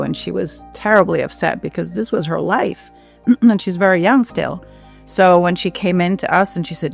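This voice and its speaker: Woman, clinic founder, gravelly voice, heartfelt testimonial, halting delivery. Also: fairly low pitch, fairly even intonation, soft background music. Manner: heartfelt, halting with fillers and repeats. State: emotional. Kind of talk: emotional testimonial.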